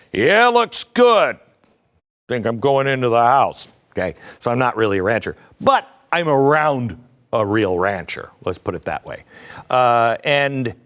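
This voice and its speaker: A man hosting a political commentary show, talking in a sarcastic, mocking way. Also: sits low. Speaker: host.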